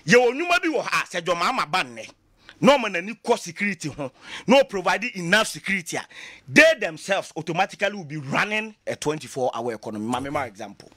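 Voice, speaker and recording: High bright-voiced Ghanaian man. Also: very animated, fast, no echo. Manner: passionate, mixing Twi and English, rhetorical questions. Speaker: political commentator. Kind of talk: animated talk show discussion.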